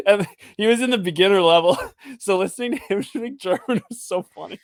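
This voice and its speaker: A man's voice: high voice, lively intonation, fairly quick, no room sound, clean studio sound. A man co-hosting a podcast in casual chat, telling stories in a friendly way and laughing easily. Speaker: podcast co-host.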